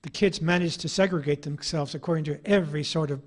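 A man's voice: fairly high pitch, steady tone, fast talker. A middle-aged man, an author giving an anecdotal public lecture, telling his stories with a wry, ironic edge.

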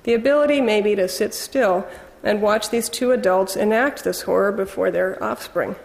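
Brief: wry, measured first-person audiobook narrator, woman, mid pitch. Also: gravelly, a little mellow, in a large hall.

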